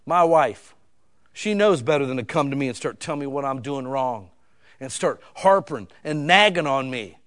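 A middle-aged man, preaching a sermon in a folksy storytelling way, swinging from loud emphatic lines to hushed ones. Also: mid-range voice, expressive, moderate pace. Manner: folksy, casual wording.

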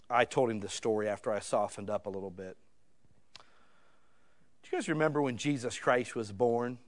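Middle-aged american guy preaching, chatty storytelling, goes from soft to fired up. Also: medium pitch. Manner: conversational storytelling, shifts from quiet to loud and heated. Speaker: pastor. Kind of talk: sermon with personal story.

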